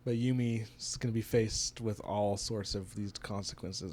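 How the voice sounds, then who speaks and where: A man's voice: lowish voice, fairly even intonation, a little slow, a little mellow, a little hiss or hum. Man retelling a story in casual chat. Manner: retells the plot at length, acting out characters' lines. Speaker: book podcast co-host.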